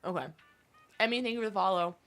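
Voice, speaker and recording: A woman's voice: mid-range voice, fast, a bit bright, faint music behind. A young woman streaming a game, chatting casually and answering her chat, with a stuffy nose. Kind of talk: casual chat while gaming.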